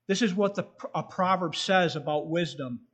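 A male preacher delivering a sermon in a somewhat high voice. He reads scripture slowly and earnestly, and a faint whistle comes from his tooth. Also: fairly bright tone. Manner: slow, earnest delivery, reading scripture aloud.

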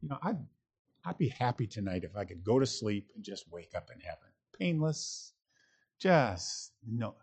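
A middle-aged man preaching a sermon in a relaxed, conversational way, with reflective chuckling asides and frequent restarts. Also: lowish voice, moderate pace, breathy edge. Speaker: pastor.

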